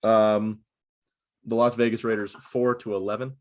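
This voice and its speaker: A young man with a lowish voice, speaking over a video call. He moves steadily through a list, dropping fillers between items, in an easygoing chat. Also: level tone, normal speed. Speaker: podcast co-host. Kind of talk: casual chat.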